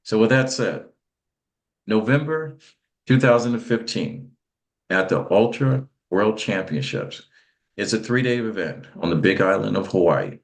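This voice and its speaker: A male interview host with a very deep voice. He talks in an emphatic, chatty way and stammers into repeats as he sets up questions. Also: animated, unhurried, gravelly.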